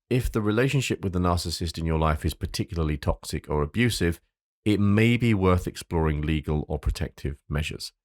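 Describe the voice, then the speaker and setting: A man's voice: low-pitched, no room sound, clean studio sound. A man hosting a solo advice podcast. He reads from a script, stumbles over repeated words, and drops into casual asides, sometimes with a swear. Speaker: podcast host.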